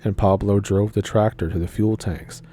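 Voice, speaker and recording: Low, dark-voiced male storyteller. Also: fairly even intonation, moderate pace, slight background noise. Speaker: story narrator. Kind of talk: reading a viewer story aloud.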